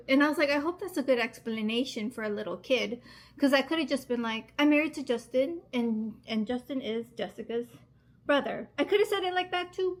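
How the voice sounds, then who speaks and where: A woman's voice: a little high, a bit bright. A woman in her thirties chatting casually to camera as a vlogger, gushing and emotional, with lots of filler words and frequent laughs. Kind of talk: casual chatty vlog talk.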